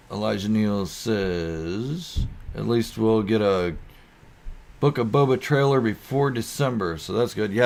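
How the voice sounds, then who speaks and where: Low-voiced man chatting on a live stream. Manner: goofy, easygoing and rambling. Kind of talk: casual live-stream chat reading viewer comments.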